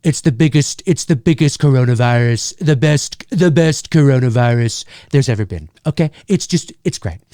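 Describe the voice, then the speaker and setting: A man's voice: medium pitch, expressive, moderate pace, hardly any pauses, mellow, no room sound, studio quality, close to an everyday voice. A man putting on a caricature of a boastful older politician who repeats big superlatives. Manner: repetitive bragging superlatives.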